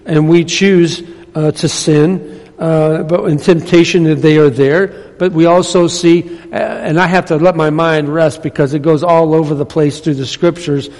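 A man's voice: a little high, fairly even intonation, a little slow, a little mellow. A male pastor giving a conversational sermon in a church that builds to emphatic points. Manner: conversational preaching, rising to emphatic. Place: church sanctuary. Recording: long reverb of a church hall.

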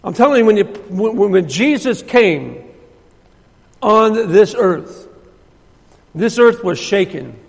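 A man preaching a sermon, repeating phrases and swinging from loud emphasis to hushed, low passages. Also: animated, slow, gravelly, pauses often. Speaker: pastor. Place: church. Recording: long hall reverb.

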